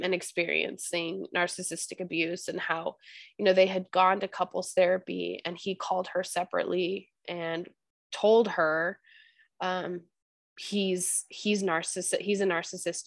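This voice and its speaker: A woman's voice: fairly low pitch, creaky, no echo. A young woman hosting a podcast, chatting casually and telling stories with frequent restarts. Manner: chatty, storytelling, many restarts. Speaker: podcast host.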